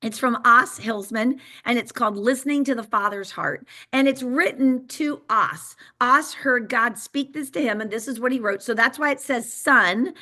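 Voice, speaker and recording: A woman, a sales director telling an excited, emphatic motivational story on a call. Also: on the high side, moderate pace, few pauses.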